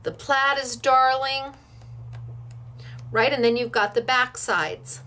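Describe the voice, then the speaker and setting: A woman's voice: sits high, slow pace, sharp tone, a little hiss or hum. Bubbly, gushing woman craft host. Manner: bubbly, gushing, laughs often. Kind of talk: live product demo chat.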